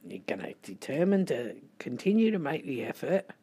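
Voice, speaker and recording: Middle-aged Australian tarot reader, sleepy, mellow and husky, unhurried chatty delivery. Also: medium pitch, very animated. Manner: chatty and rambling, with muttered asides. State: sleepy, late at night. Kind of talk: casual tarot reading.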